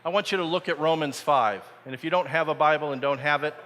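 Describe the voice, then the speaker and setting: A man's voice: on the high side, fast talker, fairly bright tone. A man preaching a dramatic, story-driven sermon at a camp, acting out voices as he tells the story. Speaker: camp speaker. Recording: echoey hall.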